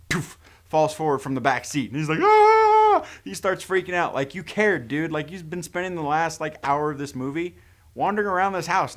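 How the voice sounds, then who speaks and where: A man with a slightly high, somewhat bright voice casually recaps a horror movie's plot like a reviewer. He peppers the retelling with sarcastic, incredulous asides.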